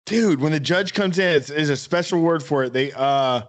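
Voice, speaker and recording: A man's voice: on the high side, normal speed. A man co-hosting a podcast in casual chat, telling stories with swearing and acted-out voices. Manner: animated, swearing storyteller. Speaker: podcast co-host.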